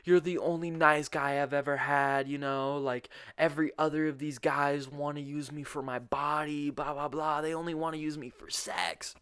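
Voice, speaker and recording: A man's voice: on the high side, steady tone, drawn-out words, few pauses, smooth, dry recording, pitched above the performer's own voice. A man mimicking a tearful young woman who clings and begs, in a whiny raised voice. The delivery is close and dry, with no room around it. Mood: pleading. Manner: pleading, whiny.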